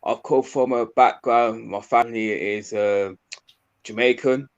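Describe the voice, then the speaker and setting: A man with a Birmingham accent answering interview questions in a soft, hesitant way, with many pauses and fillers. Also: medium pitch, fairly even intonation, lo-fi sound. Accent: Midlands English, Birmingham. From English Midlands. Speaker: interview guest, youth mentor.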